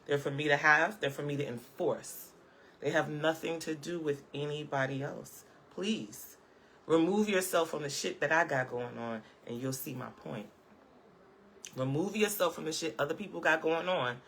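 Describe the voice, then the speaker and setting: Woman vlogger, off-the-cuff live-chat commentary, sharp bright tone, sassy and emphatic. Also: low-pitched. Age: adult, parent of a school-age child. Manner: sassy, emphatic, punctuates points with "okay?" and laughs.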